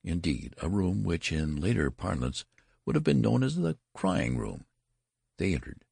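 Very deep, gravelly male narrator. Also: very animated, a little slow, darkish tone, dry recording, studio quality. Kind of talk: audiobook narration.

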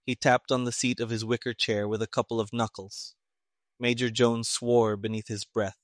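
A man reading a story aloud in measured, even audiobook narration. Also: mid-range voice, no echo, clean studio sound.

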